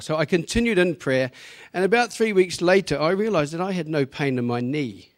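A man's voice: on the high side, animated, moderate pace. A man from New Zealand with a New Zealand accent, telling his story plainly to a church congregation. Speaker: church member giving testimony. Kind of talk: personal testimony.

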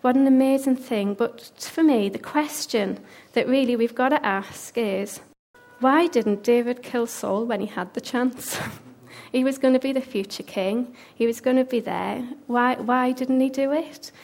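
Woman storyteller, bright higher voice, lively Bible retelling. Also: a little slow. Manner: expressive, drops to whispers for suspense. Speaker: Bible teacher.

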